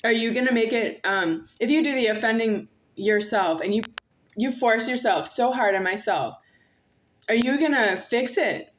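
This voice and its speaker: Brief: woman, somewhat high voice, solo vlog, repetitive confrontational monologue. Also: animated, moderate pace. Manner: repetitive, confrontational, addresses an unseen "you". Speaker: vlogger. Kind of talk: rambling monologue to camera.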